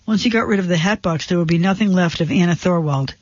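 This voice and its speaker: A man with a high voice narrates a dark suspense story in measured, tense tones. The recording is dry and a little dull, with no room sound at all. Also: no echo.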